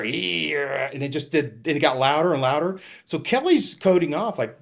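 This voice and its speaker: A middle-aged retired police captain with a Californian accent and medium pitch tells a story in casual conversation. He acts out the dialogue and laughs along the way.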